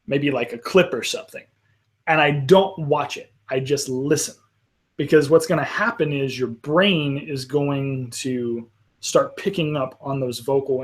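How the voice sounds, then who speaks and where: A man hosting a live panel in casual chat, rambling with frequent restarts and quick apologetic asides. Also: mid-range voice. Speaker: panel host.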